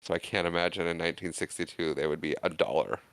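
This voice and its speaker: This podcast co-host talks fast in a low, resonant, clear voice with no echo. He casually recaps a movie scene by scene, animatedly acting out the characters' lines as he goes.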